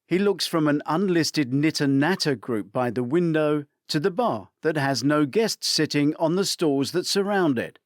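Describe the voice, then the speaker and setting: A man narrating a mystery story in a steady audiobook reading. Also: a little high, unhurried, hardly any pauses, no room sound, studio quality.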